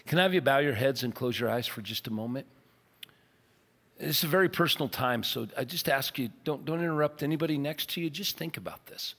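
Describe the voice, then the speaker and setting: A male pastor preaches with earnest emphasis, leaning hard on key words and easing into quiet prayer. His voice sits mid-pitched and carries with a long reverb through a large church auditorium. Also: fairly quick. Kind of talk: sermon with altar call.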